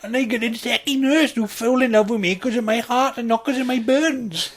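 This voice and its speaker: A man voices a simple-minded, childlike grown man who speaks in broken grammar. The voice sits high above his own and comes out loud and giggly. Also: fairly quick. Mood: dreamy. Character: dim-witted childlike man dreaming of film endings.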